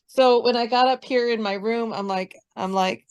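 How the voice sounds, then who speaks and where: Woman in the group chatting, higher voice, laughs a lot, acts out her reactions. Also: fairly even intonation, a little slow, smooth. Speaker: group participant. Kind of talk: casual chat.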